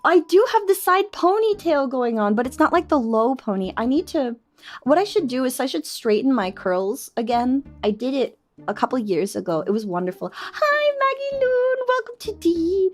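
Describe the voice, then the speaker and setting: A woman's voice: on the high side, lively intonation, normal speed. A young woman chatting casually on a live stream, bubbly and giggly.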